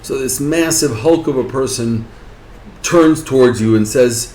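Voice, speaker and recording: A man's voice: mid-range voice, measured pace, darkish tone. A man giving a spoken lesson, often asking his listeners "right?". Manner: rhetorical, keeps asking "right?". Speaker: teacher. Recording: echoey room.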